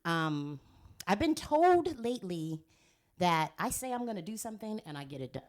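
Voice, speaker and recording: Laughing woman guest, lively pitch. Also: moderate pace. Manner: laughing, emotional, lots of fillers. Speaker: podcast guest. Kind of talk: casual chat.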